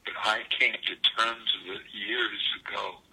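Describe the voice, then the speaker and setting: A man voicing a weary, wounded famous male singer in a hushed, confiding tone. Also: fairly low pitch, flat delivery, a little slow, gravelly, slightly rough, exaggerated voice, low-quality recording. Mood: indignant.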